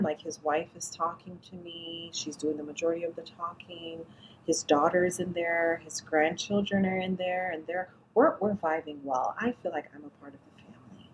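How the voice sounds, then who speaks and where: A woman guest, a diabetes educator, telling a story in an animated way, acting out the lines of each person and often laughing. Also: on the low side, a little hiss or hum, rough recording. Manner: expressive, acts out dialogue, laughs often.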